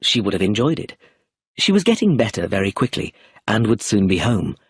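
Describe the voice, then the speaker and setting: A man reading a novel aloud as narration for English learners, clear and measured. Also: lowish voice, big pitch swings, dry recording, clean studio sound. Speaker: audiobook narrator.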